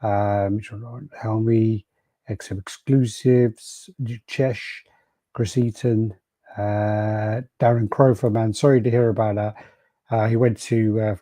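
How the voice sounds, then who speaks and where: A laid-back man hosting a casual podcast chat and running through viewer names and comments. His low, mellow voice is husky and sounds dry and close. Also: flat delivery, measured pace, no room sound. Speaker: podcast host. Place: podcast studio.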